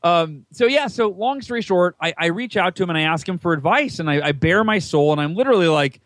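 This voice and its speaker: An animated American man in his thirties tells his story as a podcast guest, jumping into a higher voice whenever he acts out what someone said. His voice sits high for a man and sounds dry and close. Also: fairly quick, no room sound. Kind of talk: casual storytelling interview.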